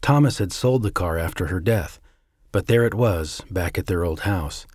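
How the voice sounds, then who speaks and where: A man reading a suspenseful story aloud in a measured way. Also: deep voice, lively intonation, a little mellow, husky, no echo, clean studio sound. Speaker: narrator. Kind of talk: scripted story narration.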